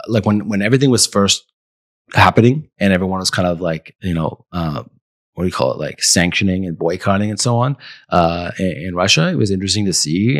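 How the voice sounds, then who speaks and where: Deep-voiced man chatting over the news. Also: no echo, clean studio sound. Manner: reads quotes aloud with many ums and restarts. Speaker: podcast co-host. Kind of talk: casual chat reading news aloud.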